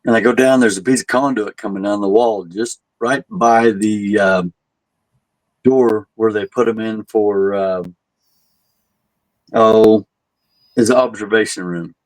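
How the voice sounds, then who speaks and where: Male tour guide, relaxed storyteller who voices the people in his tale; dry, close recording. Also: lowish voice, a little slow, pauses often, no room sound, low-quality recording. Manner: laid-back, animated when quoting people, chuckles at his own jokes. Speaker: haunted asylum tour guide. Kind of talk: casual storytelling.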